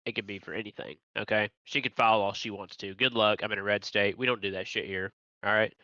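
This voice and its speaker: A man's voice: fairly low pitch, steady tone, fast, sharp tone, no room sound. A man in a heated casual debate who talks crudely and rambles, swearing often. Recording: dry, dull lo-fi audio.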